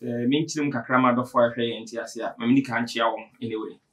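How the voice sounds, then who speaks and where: A man's voice: medium pitch, fairly even intonation, quick pace. A Ghanaian man, a panel guest, explaining politics at length and mixing in English terms. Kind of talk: political discussion.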